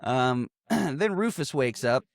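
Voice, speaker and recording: Male podcast co-host, mid-pitched, animated storyteller, dry close-mic sound. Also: slow pace, gravelly, no room sound. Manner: animated retelling with acted quotes and frequent laughs. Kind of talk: casual movie recap chat.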